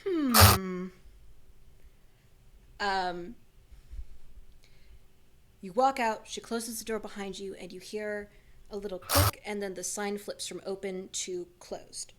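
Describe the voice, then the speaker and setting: A woman's voice: medium pitch, steady tone, takes it slowly, pauses often. Give me a woman running a tabletop game, narrating with lots of fillers. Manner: rambling, many um fillers. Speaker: game master.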